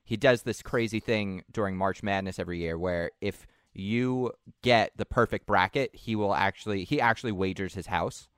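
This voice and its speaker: A man's voice: fairly low pitch, normal speed, few pauses, fairly bright tone, clean tone, no echo, studio quality. A man hosting a casual podcast, rambling and swearing a lot, with many "like"s. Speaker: podcast host. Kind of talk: casual chat.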